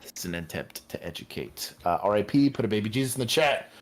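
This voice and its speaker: A man's voice: lowish voice, lively intonation, fast. A man from Texas co-hosting a casual livestream, joking and rambling with frequent laughs. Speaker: livestream co-host.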